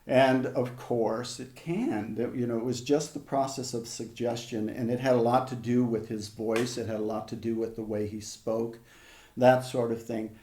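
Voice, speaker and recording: An older man working as a hypnotherapist, telling stories in an interview in a measured, conversational way with frequent restarts. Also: medium pitch, steady tone, dark tone, roomy sound. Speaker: hypnotherapist guest. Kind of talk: reflective storytelling in an interview.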